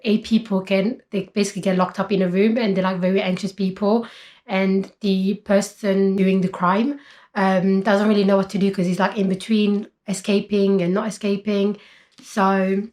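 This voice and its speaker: A woman's voice: medium pitch, steady tone, moderate pace, darkish tone. A woman in her twenties, chatting casually about books as a vlogger, full of fillers like "basically" and "like". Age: 20s. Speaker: book vlogger. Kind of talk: casual chat.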